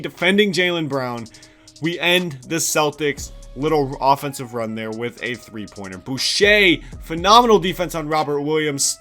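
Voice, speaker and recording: A young man giving excited play-by-play commentary over a basketball video game, hyping big plays, sometimes yelling and casually swearing. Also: fairly high pitch, moderate pace, soft background music. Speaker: gaming YouTuber.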